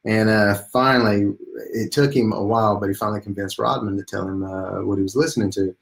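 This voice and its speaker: A man with a fairly low voice talks through a self-help lesson in a loose, rambling way. He stops often for ums and uhs and drifts into stories about his mentors. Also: fairly even intonation, quick pace, vocal fry, fairly bright tone, low-quality recording. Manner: rambling, many fillers, storytelling. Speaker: life coach. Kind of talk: casual seminar talk.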